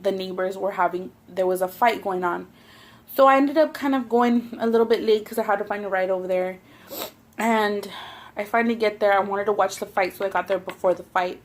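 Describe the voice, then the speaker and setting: A woman chats on camera over a meal, her story tumbling out loosely with constant "like" fillers and plenty of cursing. Her pitch sits in the middle range. The delivery is casual and unscripted, like gossiping at the kitchen table. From Southern California. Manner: rambling, profane, lots of "like". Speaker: mukbang vlogger. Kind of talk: casual storytelling while eating.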